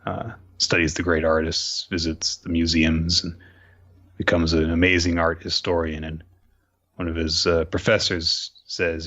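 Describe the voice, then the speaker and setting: A man co-hosting a casual podcast, telling jokes in a deadpan, rambling way with hesitant pauses. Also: low voice, dull audio. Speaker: podcast co-host. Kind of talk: casual podcast chat, joking banter.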